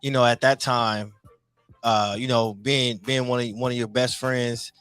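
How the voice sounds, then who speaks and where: A man with a bright, forceful voice reflects aloud in a casual chat. He speaks thoughtfully and haltingly, pausing and restarting as he works out his ideas. The sound is dry and close to the mic. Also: medium pitch, level tone, clean tone, dry recording, soft background music.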